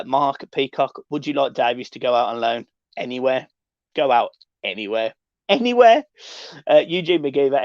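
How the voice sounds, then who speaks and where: A man's voice: medium pitch, dry recording, muffled recording. A man hosting a casual live stream, chatting upbeat and reading out viewer comments.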